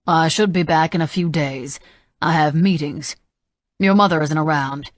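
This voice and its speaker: A woman's voice: low voice, normal speed, no echo, natural voice. A woman voicing a curt, dismissive middle-aged male senator, speaking dryly in an audiobook. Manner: dry, clipped.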